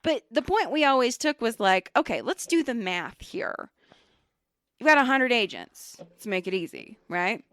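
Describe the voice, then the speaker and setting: A woman co-hosting a podcast, telling a work story in a blunt, profane, animated way. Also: a little high, moderate pace, no room sound. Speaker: podcast co-host. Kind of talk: casual storytelling chat.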